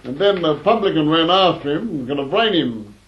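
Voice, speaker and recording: A man's voice: fairly high pitch, lively intonation, normal speed. A man telling old anecdotes in a wry, rambling way, in a dull lo-fi recording. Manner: wry, rambling, with fillers and restarts. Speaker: storyteller. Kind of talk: anecdotal storytelling.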